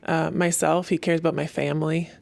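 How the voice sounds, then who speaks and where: A woman assistant coach talking warmly and loosely about her head coach, with plenty of fillers. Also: low-pitched, little pitch movement, a little fast, gravelly, no echo. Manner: heartfelt, rambling with fillers. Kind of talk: casual chat.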